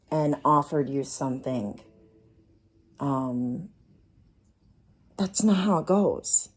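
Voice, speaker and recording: A woman lays out tarot cards for her listeners, speaking slowly and reassuringly in a low, mellow voice. Faint music plays quietly behind her. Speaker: tarot reader. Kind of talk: casual tarot card reading.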